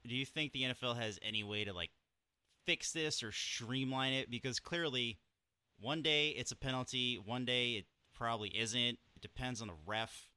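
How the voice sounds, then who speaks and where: A man co-hosting a football podcast, giving laid-back, measured answers in casual chat. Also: medium pitch, bright, forceful tone, clear, resonant tone, no room sound. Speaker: podcast co-host on a call.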